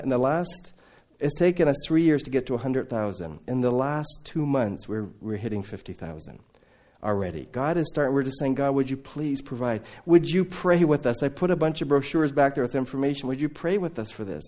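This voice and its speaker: A man preaching a sermon to a congregation, telling Bible stories in a lively way, acting out the dialogue and turning to his listeners with asides. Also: mid-range voice, a little fast. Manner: animated storytelling, acting out biblical dialogue. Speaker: preacher raising funds for a mission training center.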